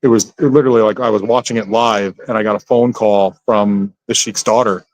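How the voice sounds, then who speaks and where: Male actor guest, casual chat, animated storyteller who slips into voices, dry close sound. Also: on the low side, a little fast, dry recording, poor audio. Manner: animated, acts out voices in his anecdotes.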